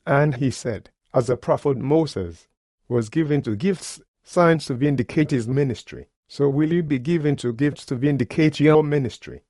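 A man's voice: mid-range voice, moderate pace, mellow, no room sound, clean studio sound. A man preaching, telling a personal testimony in an earnest, plain-spoken way with colloquial grammar. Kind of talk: sermon testimony storytelling.

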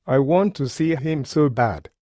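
A man's voice: a little high, expressive, a little slow, dark tone, dry recording, studio quality. Folksy man preaching a story. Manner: folksy, nonstandard grammar. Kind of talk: sermon storytelling.

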